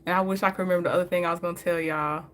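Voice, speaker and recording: Bright-voiced chatty woman. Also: fairly low pitch, steady tone, rapid-fire. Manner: chatty, laughs often, talks straight to viewers. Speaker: vlogger. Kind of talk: casual story time.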